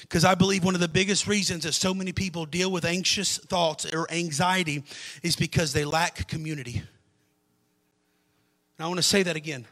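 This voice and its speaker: A man preaching a sermon as a pastor, impassioned, swinging between shouted climaxes and hushed, quiet passages. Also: a little high, steady tone, fairly quick.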